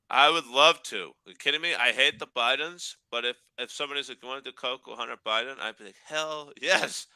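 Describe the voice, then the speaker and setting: A man from Ukraine with a gravelly, very bright, smooth voice, joking crudely and laughing through a casual livestream chat. The sound is dry and close. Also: mid-range voice, fast talker, dry recording.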